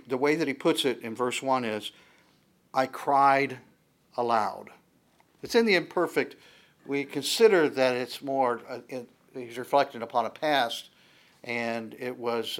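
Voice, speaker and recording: A man preaching a Bible-teaching sermon in a halting way, repeating words, using many fillers and asking his listeners questions. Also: medium pitch.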